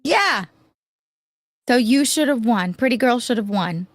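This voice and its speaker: A woman's voice: fairly high pitch, expressive, unhurried, no room sound. A woman co-hosting a podcast in casual banter, playful and bawdy, often laughing. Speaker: podcast co-host.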